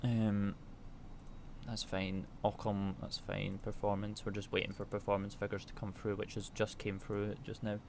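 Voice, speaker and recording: Chatty low-voiced man streaming a flight sim. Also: monotone, moderate pace, vocal fry, darkish tone, a little hiss or hum. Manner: chatty, reads checklist numbers and answers chat aloud. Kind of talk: casual chat while flying a simulator.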